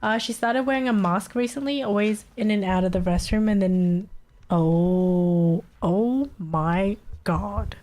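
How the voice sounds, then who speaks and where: A woman's voice: medium pitch, takes it slowly, darkish tone. A young woman streaming live, chatting casually with her chat, swearing and laughing often, her nose blocked so she sounds stuffy.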